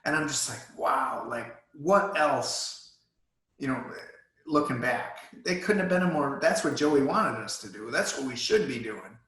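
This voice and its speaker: A man's voice: medium pitch, expressive, normal speed, fairly bright tone, reverberant, low-quality recording. A man guest in a virtual Q&A, telling a personal story in an earnest, emotional way. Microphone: video call.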